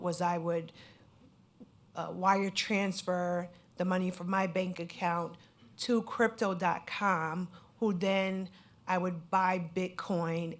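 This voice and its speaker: A woman from Connecticut giving personal testimony at a panel event, speaking in an earnest, candid way with many fillers. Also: lowish voice. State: at times emotional. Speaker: scam victim speaking on a panel.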